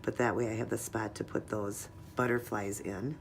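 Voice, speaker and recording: Her voice is very deep and steady, at a normal speed, as she walks viewers through a casual nail art tutorial step by step. She talks to them chattily while working, over slight background noise.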